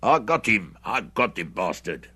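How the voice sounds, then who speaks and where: A man voicing a brash, trigger-happy male mercenary who talks loud and hoarse with excited swagger. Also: medium pitch, normal speed, dry recording, pitched above the performer's own voice, full character voice. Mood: boastful excited.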